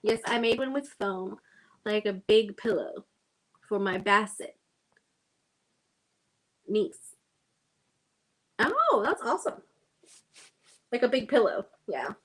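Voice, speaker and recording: A woman's voice: mid-range voice, sing-song, slow pace, pauses often, fairly bright tone, rough recording. A woman hosting a casual sewing livestream, thinking aloud and chatting to her viewers as she works.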